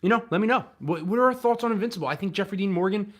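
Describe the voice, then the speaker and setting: A man's voice: high voice, racing. A man hosting a casual livestream from home, rambling to the camera and chat with frequent ums. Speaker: livestream host.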